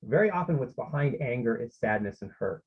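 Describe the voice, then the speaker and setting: A man's voice: medium pitch, expressive, a little fast, slightly rough, highs cut off. A man presenting an online parenting workshop, explaining steps and often checking in with his listeners.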